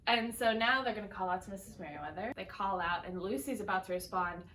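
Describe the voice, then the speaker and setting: A woman's voice: mid-range voice, fast, pushed and bright. A young woman co-hosting a casual chat, recapping a sitcom episode and acting out the characters' lines in put-on voices. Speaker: podcast co-host. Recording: echoey room, distant from the mic, faint noise.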